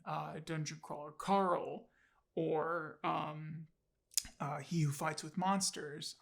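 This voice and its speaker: A man's voice: on the high side, gravelly, a bit bright. A man casually reviewing an audiobook on his channel, enthusiastic and rambling, with many fillers and restarts.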